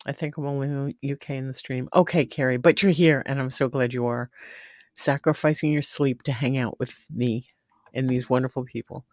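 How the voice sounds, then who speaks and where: A woman's voice: extremely low pitch, steady tone, fairly quick, darkish tone, no room sound, studio quality. A woman hosting a casual live stream, chatting affectionately and greeting viewers by name. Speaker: livestream host. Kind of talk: casual livestream chat.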